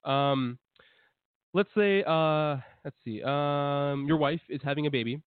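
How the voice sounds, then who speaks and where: A man's voice: fairly high pitch, slow pace, clear, resonant tone, dry recording. A male podcast host asking questions hesitantly, with academic terms. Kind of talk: casual discussion. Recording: tinny phone-like call audio, dry.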